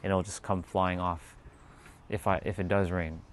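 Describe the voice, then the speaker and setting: A man's voice: low-pitched, flat delivery, moderate pace, slight background noise. A man chatting casually and reading out viewer comments, rambling with many fillers and laughing easily.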